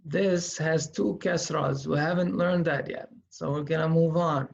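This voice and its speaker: A man teaching Quran reading in a slow, step-by-step tutorial, patiently thinking aloud as he writes. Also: fairly high pitch, steady tone, gravelly, dull audio.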